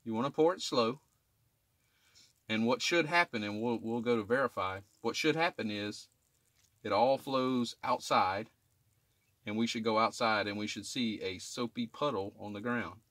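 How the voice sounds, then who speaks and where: A man's voice: fairly low pitch, normal speed, a bit bright, no room sound. A middle-aged man, an HVAC technician, talking through a drain line cleaning in a casual how-to, often checking in with "okay?". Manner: plain-spoken, repeats "okay?" to check in with viewers. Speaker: HVAC technician demonstrating maintenance. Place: residential attic. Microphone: camera filming himself while working.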